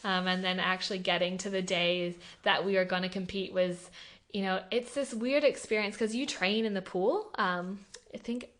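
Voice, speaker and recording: Bright-voiced young Australian woman storyteller. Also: mid-range voice, moderate pace. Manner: animated, emotional storytelling with many fillers. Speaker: podcast guest, Olympic athlete. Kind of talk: casual interview conversation.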